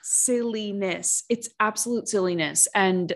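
A woman co-hosts a podcast in easygoing chat. She sounds amused and laughs often. Her voice sits at an ordinary pitch for a woman. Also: animated, moderate pace. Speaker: podcast co-host. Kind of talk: casual chat.

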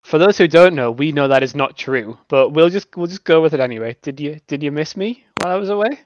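A man's voice: a little high, expressive, quick pace, a little hiss or hum. A man hosting a casual gaming podcast, jokey and chatty with plenty of fillers. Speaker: podcast host. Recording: dull lo-fi close mic.

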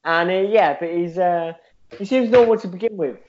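A man's voice: high-pitched, normal speed, a little mellow, lo-fi sound, a little hiss or hum. A man co-hosting a podcast in casual chat, rambling through a silly story with laughs and swearing. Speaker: podcast co-host.

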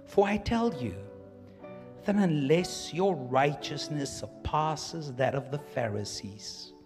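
A man preaching a sermon to his church, swinging from quiet asides to loud emphatic peaks. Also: mid-range voice. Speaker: pastor.

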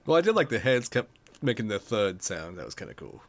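A man's voice: fairly low pitch, sing-song, brisk. A man co-hosting a casual movie review chat, wry and laid-back, laughing at his own jokes. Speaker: podcast co-host.

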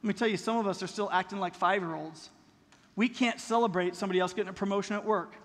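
Middle-aged pastor guy, very high voice, chatty sermon with lots of questions, long church reverb. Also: steady tone, fast. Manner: conversational preaching with rhetorical questions. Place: church sanctuary. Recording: long reverb in a large hall.

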